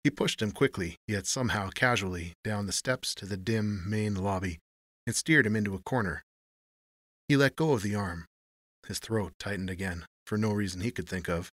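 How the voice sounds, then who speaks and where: A man narrating a noir short story in measured, even storytelling. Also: on the low side, dry recording, studio quality.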